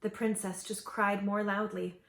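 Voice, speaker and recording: A woman reading an original fairy tale aloud to children, with gentle, expressive storytelling. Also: mid-range voice, unhurried. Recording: echoey room.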